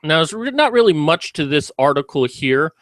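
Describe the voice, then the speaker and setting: A man's voice: on the high side, big pitch swings, normal speed, fairly bright tone, no room sound. A man giving sarcastic, mocking commentary in a video about a news story.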